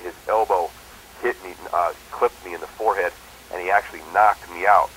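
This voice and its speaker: A man's voice: sits low, fairly even intonation, fairly quick, fairly bright tone, a little hiss or hum, poor audio. A man who works as a stuntman, telling a story in a casual phone interview and jumping into quoted voices. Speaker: stuntman and performer.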